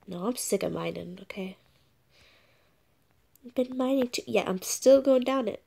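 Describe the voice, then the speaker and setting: A woman's voice: mid-range voice, steady tone, normal speed, creaky, pauses often, dark tone, husky. A young woman casually narrating her gameplay, rambling and a little awkward, often dropping to a whisper. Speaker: game vlogger. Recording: noisy home recording.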